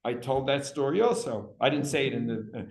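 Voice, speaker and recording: An older man teaching an evening class, talking in an animated way with many repeated words. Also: mid-range voice, fairly quick, reverberant. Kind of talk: lecture to a class.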